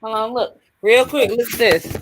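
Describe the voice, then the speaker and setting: A woman joining a casual call-in stream, chatty and animated, breaking in with exclamations. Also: on the high side, normal speed, slight background noise.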